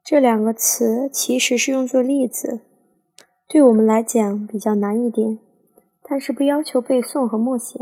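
Gravelly, husky woman teaching English. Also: a little high, steady tone, moderate pace, warm tone. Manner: clear step-by-step explanation. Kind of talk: explaining a sentence in a language lesson.

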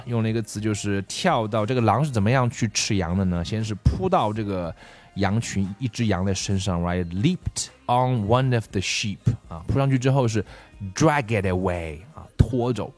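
A man's voice: lowish voice, moderate pace, soft background music. A man teaching English vocabulary from a fable, explaining words and then reading the story aloud. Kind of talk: bilingual lesson with read-aloud story.

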